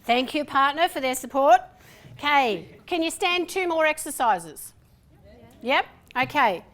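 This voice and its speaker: A woman leading a group through breathing and humming exercises, a lively, playful instructor who counts slowly and cues each step. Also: high voice. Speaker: voice workshop presenter. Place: room with a participating group.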